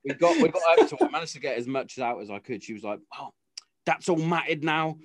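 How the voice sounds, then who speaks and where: A man's voice: mid-range voice, wildly swooping pitch, fast talker, no echo, studio quality. A young British man telling a blunt, sweary story in casual chat.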